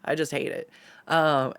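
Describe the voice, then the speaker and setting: A woman's voice: sits low, no room sound. A young woman streamer telling stories in casual chat, laughing often and swearing freely.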